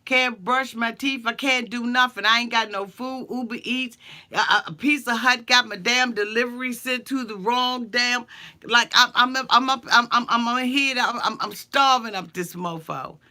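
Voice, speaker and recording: Sassy lady recapping reality tv, cussing, stammers, bright voice. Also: on the high side, normal speed. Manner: sassy, blunt, profane, stammering asides. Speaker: show recap commentator. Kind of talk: comedic reality show recap.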